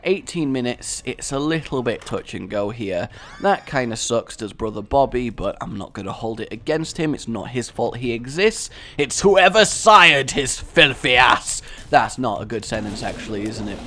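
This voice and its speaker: A man's voice: medium pitch, expressive, moderate pace. A man giving casual, rambling commentary over a game he is playing, with self-mocking jokes and asides. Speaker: gaming commentator.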